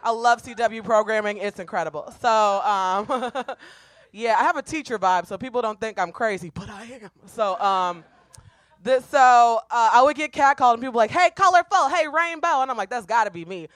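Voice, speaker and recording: A woman from Chicago doing a loud, brash, self-mocking stand-up set on a comedy club stage, laughing often between jokes. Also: a little high, normal speed, no room sound.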